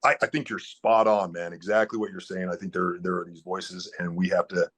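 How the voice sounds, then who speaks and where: A man's voice: low voice, fairly even intonation, a little fast, fairly bright tone. A man speaking as a podcast guest in casual conversation, earnest and blunt, with casual swearing.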